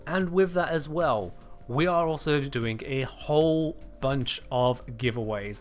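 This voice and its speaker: A man's voice: medium pitch, fairly bright tone. A British man chatting casually with his viewers on a game live stream, answering chat with wry humor. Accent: British English. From United Kingdom.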